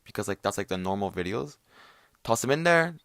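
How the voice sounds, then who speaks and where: Recorded dry in a clean studio, a man with Italian family roots rants casually on his own podcast. His fairly low voice is expressive, a bit bright and a little fast, full of swearing, fillers and restarts as he rambles.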